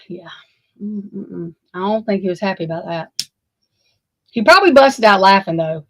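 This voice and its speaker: A woman's voice: mid-range voice, gravelly, no room sound, low-quality recording. Female streamer, rambling, cusses, dry close mic. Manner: flustered, rambling, swears freely. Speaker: livestream host. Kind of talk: casual livestream chat.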